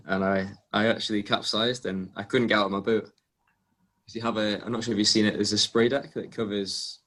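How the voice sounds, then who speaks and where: A young man from England, a guest athlete telling stories in a relaxed, casual interview with frequent ums and restarts. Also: fairly low pitch, brisk. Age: young adult.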